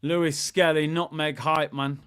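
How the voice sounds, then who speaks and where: A young man hosts a live football watchalong, talking in a high, bright register. He chats casually to viewers and breaks into excited shouts when the action picks up. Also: unhurried, clear, resonant tone. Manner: excitable, chatty, bursts into shouts at goals.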